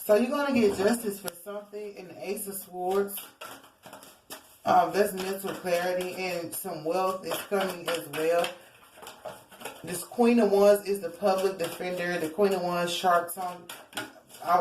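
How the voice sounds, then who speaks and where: A woman's voice: fairly low pitch, moderate pace, a little hiss or hum. Woman tarot reader, chatty and theatrical, set back from the mic, echoey room. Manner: rambling and theatrical, addresses viewers as y'all. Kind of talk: casual tarot reading to viewers. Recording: roomy echo, distant from mic.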